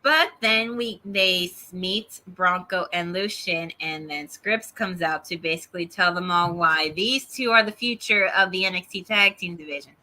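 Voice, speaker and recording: A woman co-hosting a wrestling review show, recapping matches in an animated, opinionated way. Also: fairly low pitch, moderate pace, hardly any pauses. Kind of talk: casual recap and banter.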